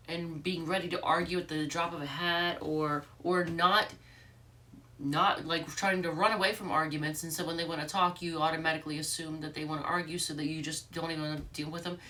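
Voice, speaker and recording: A woman's voice: on the low side, pushed and bright, distant mic. A congested woman giving a casual, rambling tarot reading, full of fillers and restarts. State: congested from allergies. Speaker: tarot reader.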